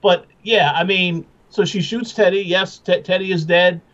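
A man's voice: sits high, fairly even intonation, normal speed, a bit bright. A man co-hosting a casual recap chat, rambling and repeating words as he thinks. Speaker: podcast co-host. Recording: dull lo-fi sound.

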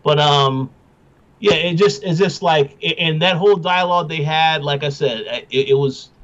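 A man's voice: a little high, normal speed, a bit bright. A man co-hosting a casual recap chat, rambling and repeating words as he thinks. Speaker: podcast co-host. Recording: dull lo-fi sound.

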